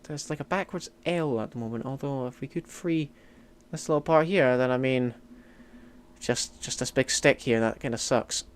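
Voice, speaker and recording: Streaming a strategy game, a young man from Scotland reads and responds to chat in a chatty, joking way. His voice is medium-pitched, smooth and moderately paced, shifting from mumbled asides to loud bursts of mock indignation.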